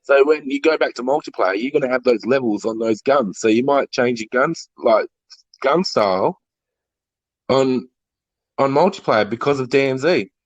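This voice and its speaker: A man co-hosting a casual gaming podcast, calmly explaining how the game works. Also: mid-range voice, normal speed, dry recording, highs cut off. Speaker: podcast co-host.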